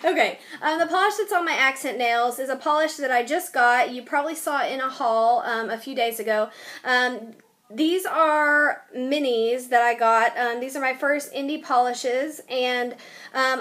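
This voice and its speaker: A young woman with a high, light voice chats her way through a nail tutorial at home. She fills her talk with ums and sounds a little tired. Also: a bit bright. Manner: chatty, filler-heavy with frequent ums. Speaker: beauty vlogger. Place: home, new place with boxes.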